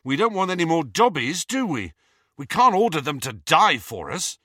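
An earnest teenage wizard talks bluntly, his pitch swinging lively through each line. The tone is bright and forward, and a man voices him in an audiobook. The sound is close and dry. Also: normal speed, no room sound, exaggerated voice. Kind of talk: audiobook character voice.

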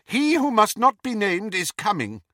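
A man's voice: high voice, sing-song, moderate pace, sharp tone, dry recording, clean studio sound, pitched above the performer's own voice, exaggerated voice. A man voicing a stern, commanding older female witch with a clipped, authoritative manner in a storybook reading. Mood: firm.

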